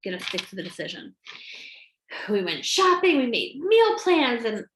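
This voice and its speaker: A woman talks to camera from home in a lively, chatty way, slipping into the voices of herself and others as she tells it. Her voice sits a bit high. The room around her is echoey. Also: normal speed. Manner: animated, acts out her own quotes. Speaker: health coach. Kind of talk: casual chat to camera.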